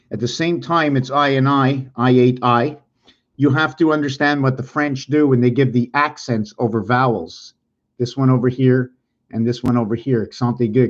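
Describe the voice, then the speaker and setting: A man explains things as he draws them, thinking out loud in a rambling, musing way. He often sounds unsure of his own point. His voice sits in a middle pitch, and the recording is dull and lo-fi. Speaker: video creator. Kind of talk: thinking aloud while drawing and explaining.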